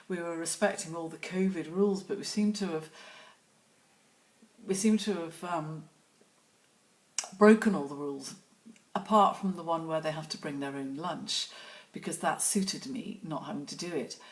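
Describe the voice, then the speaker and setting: A woman chatting casually and telling stories while she paints in her studio, laughing often. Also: sits low. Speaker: watercolour artist and host.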